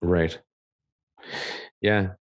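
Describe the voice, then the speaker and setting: A man co-hosting a podcast with a very deep, low voice, speaking into a studio mic. He stays calm and easygoing and often nods along with his partner. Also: extremely slow. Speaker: real estate agent and podcast co-host. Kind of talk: casual podcast chat. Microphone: studio podcast microphone.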